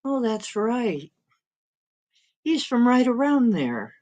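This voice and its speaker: Slow-talking woman chatting with her stream. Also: fairly high pitch, big pitch swings, darkish tone. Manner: rambling, chuckles often, talks to her cat. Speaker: live-stream host. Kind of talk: casual chat reading live comments.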